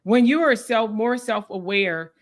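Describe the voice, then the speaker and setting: A woman's voice: on the high side, unhurried. A woman interviewing a guest, asking long, searching questions that wind and restart. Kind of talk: interview conversation.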